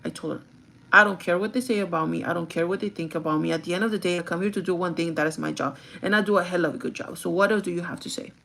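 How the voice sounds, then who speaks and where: Gravelly woman venting on a livestream. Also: on the low side, steady tone, rapid-fire, fairly bright tone. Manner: venting, swears freely, mixes English and Spanish. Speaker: vlogger. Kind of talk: casual get-ready-with-me livestream chat.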